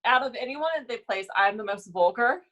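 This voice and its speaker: A young woman chatting casually as a podcast guest, telling lively work stories and acting out coworkers with loud outbursts. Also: a little high, a little fast, dull audio. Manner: animated storyteller, acts out coworkers with loud quoted outbursts.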